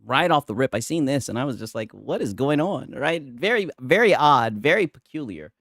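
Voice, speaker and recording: A man's voice: medium pitch, lively intonation, brisk, a bit bright, dry recording, studio quality. A young man ranting in casual commentary, rambling and profane, tagging nearly every line with "right?". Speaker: streamer.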